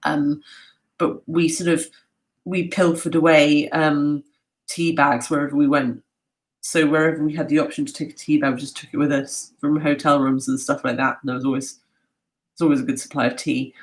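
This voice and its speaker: A woman's voice: low-pitched, low-quality recording. A woman talking casually in a live Q&A, chatty and self-mocking, with many fillers and restarts. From half British. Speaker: travel speaker answering audience questions.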